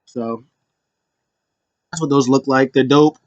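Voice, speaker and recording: A man's voice: medium pitch, steady tone, slow pace, darkish tone, no echo, lo-fi sound. A man casually recapping a wrestling show, rambling with restarts and small chuckles.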